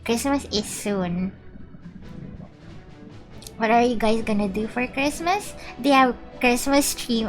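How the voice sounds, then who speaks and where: A woman's voice: on the high side, unhurried, pauses often, faint music behind. A woman chatting bubbly and casually with viewers while playing a game on stream. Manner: chatty and bubbly, reading out chat.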